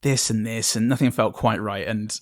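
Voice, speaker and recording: A man's voice: fairly low pitch, steady tone, normal speed, no echo, clean studio sound. A man from the United Kingdom, a player on a tabletop game podcast, chatting casually in a rambling way with many restarts and laughs. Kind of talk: casual chat.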